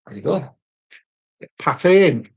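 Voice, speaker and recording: A man's voice: on the high side, sing-song, a little slow, creaky, slightly rough. A man co-hosting a casual home live chat about food, chatting and reading out viewer comments. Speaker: cooking channel co-host.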